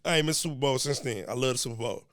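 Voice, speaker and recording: A man's voice: mid-range voice, rapid-fire, fairly bright tone, dry recording. Young man, solo podcast host, casual and cussing, a bit stuffy from a cold, recorded close and dry. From American Midwest. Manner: loose, joking and profane, talks straight to listeners. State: has a slight cold.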